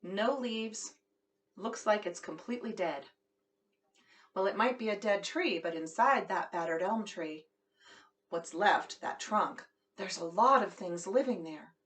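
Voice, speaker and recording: A woman music teacher patiently explaining a song to children in a simple, gentle way. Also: mid-range voice, lively intonation, a little slow.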